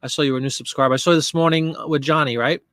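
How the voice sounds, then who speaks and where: Casual male live-stream host, slightly high voice, dry close mic, talks to chat as he works. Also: steady tone, rapid-fire, fairly bright tone, dry recording. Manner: chatty, reads and answers viewer comments while working. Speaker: live stream host listing items for sale.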